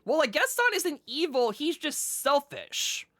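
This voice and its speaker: Animated, bright-voiced man rambling excitedly. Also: very high voice, measured pace, no room sound. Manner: excited, rambling, lots of "like" and restarts. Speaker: podcast co-host. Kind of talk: casual chat.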